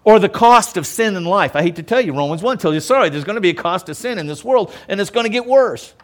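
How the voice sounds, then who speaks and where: A man preaching a sermon, with a voice that sits a little high for a man. His pitch moves a lot as he leans into his points. He talks plainly to the congregation and keeps checking that they are following. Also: animated, quick pace. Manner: emphatic, conversational preaching with frequent "okay?" check-ins. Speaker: pastor.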